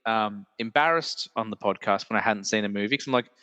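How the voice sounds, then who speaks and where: A man's voice: on the low side, brisk, bright, forceful tone, dry recording, long reverb tail. A man hosting a podcast in casual chat, chatty and self-deprecating, laughing often. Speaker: podcast host.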